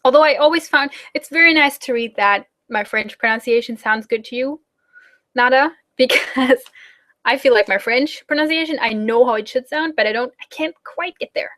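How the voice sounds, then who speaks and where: A young German woman hosts a casual live Q&A, answering viewer questions in German-accented English. She's chatty and fidgety, with lots of ums and likes, speaking at normal speed in a high, sharp voice.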